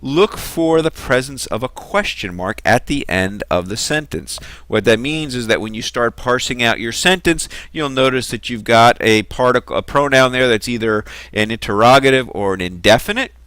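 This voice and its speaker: A man's voice: medium pitch, lively intonation, normal speed, hardly any pauses, fairly bright tone, smooth, dry recording. A man giving a recorded lecture on Greek grammar, explaining patiently and methodically.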